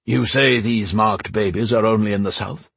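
A huge, good-natured villager with a low, husky voice, speaking dryly and without fuss, as the narrator voices him. The sound is close and dry, like an audiobook reading. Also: male voice, steady tone, moderate pace, fairly bright tone, no echo, full character voice. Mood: uneasy.

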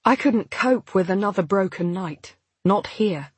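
A woman narrating a first-person novel, reading at a measured pace and voicing the dialogue. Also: mid-range voice, animated, breathy edge, no room sound. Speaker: audiobook narrator.

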